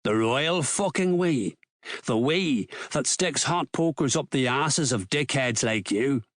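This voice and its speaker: A man voicing a menacing middle-aged crime boss with a Belfast accent, gruff, threatening and swearing. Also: medium pitch, lively intonation, slow, dry recording, clean studio sound.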